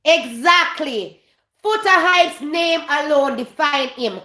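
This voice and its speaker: A woman's voice: high-pitched, animated, normal speed, pushed and bright, echoey room. A woman with a Jamaican accent hosting a gossip commentary vlog, emphatic and repeating her points, slipping in and out of Patois. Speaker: vlogger host.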